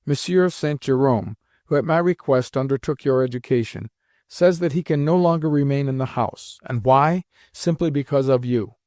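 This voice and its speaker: A man's voice: medium pitch, normal speed, warm tone, dry recording, studio quality, lightly acted. A man voicing a proud, stern old grandmother who scolds her grandson with emphatic, imperious words.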